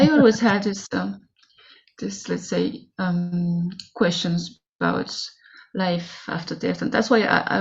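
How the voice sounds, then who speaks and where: A woman from France with a French accent, a guest author chatting on a podcast, pausing and searching for her words in English. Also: mid-range voice, creaky, dull audio. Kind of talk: casual podcast chat.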